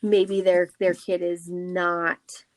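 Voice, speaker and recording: A woman's voice: on the low side, level tone, drawn-out words. A woman co-hosting a podcast, agreeing and adding her own points in casual chat. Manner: agreeable, chimes in with short replies.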